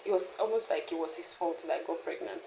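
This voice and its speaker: A woman in an interview, candidly telling a personal story with frequent laughter and animated restarts. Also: fairly low pitch, quick pace, reverberant, poor audio. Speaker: founder of a mothering community, interview guest.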